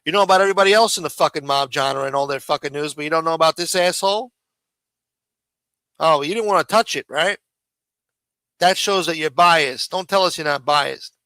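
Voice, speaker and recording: A man, bright and forceful, lecturing bluntly and swearing freely. His voice sits a bit high, and the sound is close and dry. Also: clean tone, no room sound. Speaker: livestream host. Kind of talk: profane ranting commentary.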